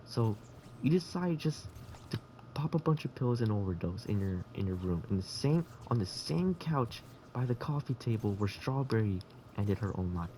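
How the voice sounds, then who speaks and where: A man's voice: on the low side, lively intonation, moderate pace, warm tone, a little hiss or hum. A man in a casual voice chat, rambling through absurd hypothetical stories.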